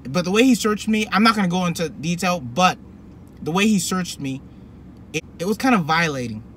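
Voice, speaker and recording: A young man telling a personal story to camera in a rambling, animated way, full of fillers and restarts. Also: high-pitched, a little fast, slight background noise. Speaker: vlogger. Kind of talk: casual storytelling.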